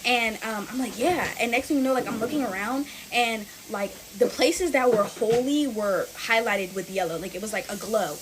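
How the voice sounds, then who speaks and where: A woman's voice: on the high side, normal speed, hardly any pauses, background noise. A woman chatting straight to her viewers, telling a scary story while she makes slime. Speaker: storytime vlogger.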